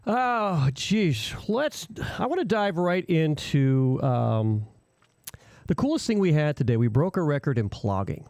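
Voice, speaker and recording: Casting: man hosting a live radio show, gravelly and animated, chatty with plenty of fillers. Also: a little high, unhurried, no echo. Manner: rambling, chatty, with frequent fillers. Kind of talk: casual live radio chat. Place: small home radio studio.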